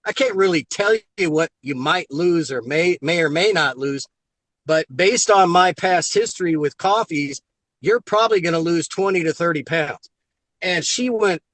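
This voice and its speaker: A man on a video call telling an excited story about his own results, acting out the lines of the people in it. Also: high-pitched, moderate pace, no room sound. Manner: excited, acts out quoted dialogue. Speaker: guest giving a product testimonial. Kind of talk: animated storytelling on a live call.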